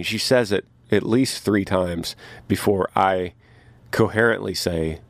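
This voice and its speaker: A man who tours as a musician, telling a story in a casual podcast from his tour bus, getting animated as he recounts his confusion. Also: takes it slowly, no room sound. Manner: animated, rises in pitch when recounting confusion. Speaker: touring musician. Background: train passing.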